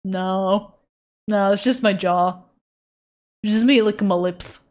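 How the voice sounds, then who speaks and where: A woman's voice: mid-range voice, fairly even intonation, takes it slowly, a little mellow. A young woman chatting casually and rambling while she draws on a live stream, laughing at herself often. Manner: rambling, giggly, self-deprecating. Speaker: art streamer.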